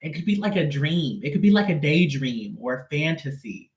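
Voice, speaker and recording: A man's voice: on the high side, normal speed, roomy sound. A man giving a casual live tarot reading in a sassy, slangy, emphatic way. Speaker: tarot reader.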